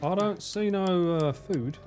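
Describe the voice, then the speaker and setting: A man streaming games in casual commentary, excitable, swearing freely and laughing often. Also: sits high, slow, music in the background.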